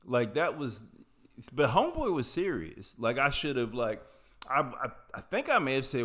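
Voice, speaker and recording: A man's voice: mid-range voice, big pitch swings, moderate pace. A man with an Appalachian accent, casually telling a personal story, rambling and correcting himself as he goes. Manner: rambling, self-correcting, trails off quietly. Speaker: podcast host.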